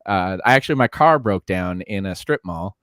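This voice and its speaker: A man who is a comedian, chatting as a podcast guest in a relaxed way and laughing easily. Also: deep voice, normal speed, no echo, clean studio sound. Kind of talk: casual chat.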